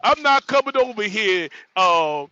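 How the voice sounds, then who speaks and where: A man with a high, sharp, expressive voice hosts a casual livestream unhurriedly. He is a truck driver who jokes, repeats himself and laughs frequently, and the audio is dull with no room sound.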